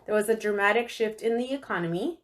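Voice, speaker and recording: A woman's voice: mid-range voice, fast. A woman co-hosting a podcast, telling a feel-good story in an upbeat, chatty way. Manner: upbeat and enthusiastic. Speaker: podcast co-host. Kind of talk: casual storytelling chat.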